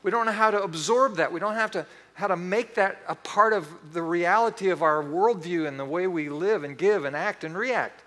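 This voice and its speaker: A middle-aged man preaching a sermon, telling animated stories with acted-out quotes. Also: high voice, moderate pace, few pauses, long reverb tail. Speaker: pastor.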